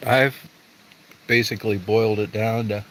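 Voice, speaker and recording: A middle-aged man hosts a livestream, answering viewers in a blunt, profane, rambling way. His voice is on the low side with fairly even intonation and normal speed, and the audio is poor with slight background noise.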